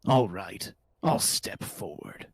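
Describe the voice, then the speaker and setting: A man's voice: deep voice, expressive, takes it slowly, gravelly, breathy edge. A man streamer joking over a game and reading lines in character. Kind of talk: casual chat over a game.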